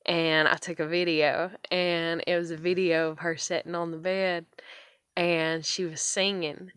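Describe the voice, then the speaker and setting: A woman's voice: on the low side, flat delivery, a little slow, a bit bright, smooth, no room sound, studio quality. A woman in her thirties telling her own story in a rambling vlog, swearing often, with plenty of fillers and restarts. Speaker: vlogger. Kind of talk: casual personal storytelling.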